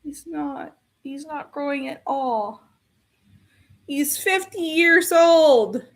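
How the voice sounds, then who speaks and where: A woman's voice: high voice, slow. A woman giving an exasperated, ranting film review, repeating her complaints in a casual tone.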